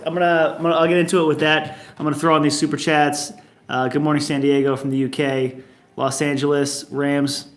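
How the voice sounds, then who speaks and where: A man in his thirties hosts a casual morning livestream from home, greeting viewers one after another in an upbeat, chatty way. His voice is fairly high-pitched with a fairly bright tone.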